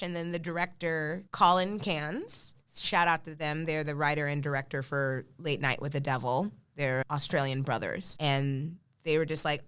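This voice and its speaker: Lady telling a story, bright tone kinda low voice, does all the quotes. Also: moderate pace, hardly any pauses, smooth. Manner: animated storyteller, acts out quotes. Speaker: podcast guest. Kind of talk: casual chat.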